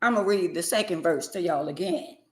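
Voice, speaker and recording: A woman's voice: fairly low pitch, moderate pace, echoey room. A woman ranting in casual commentary, emphatic and profane, hammering her points by repeating them. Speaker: vlogger.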